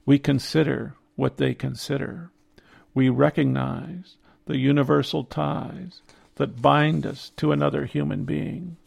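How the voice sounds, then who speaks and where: An older man narrating a reflective personal essay in a measured, contemplative way. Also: fairly high pitch, steady tone, vocal fry, darkish tone.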